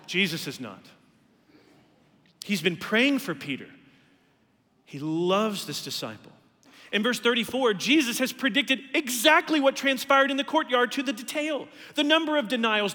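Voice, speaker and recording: Man preaching, earnest sermon, high bright voice, echo of a big hall. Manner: earnest preaching, rising emphatically on key words. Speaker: pastor.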